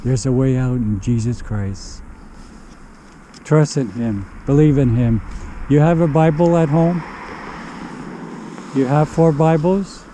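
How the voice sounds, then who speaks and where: Middle-aged guy preaching outside in a park, dark mellow voice, faint traffic hum behind, keeps pleading. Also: mid-range voice, slow, pauses often, low-quality recording. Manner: earnest, pleading, keeps urging. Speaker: street preacher. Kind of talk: one-on-one street evangelism. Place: outdoors in a city park in winter.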